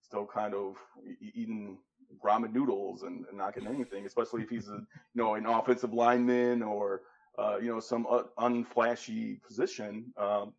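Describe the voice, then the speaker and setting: A man's voice: lowish voice, creaky. A man co-hosting a casual sports podcast, speaking hesitantly with many fillers and trailing asides, on a dull lo-fi recording. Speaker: podcast co-host. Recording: dull lo-fi sound.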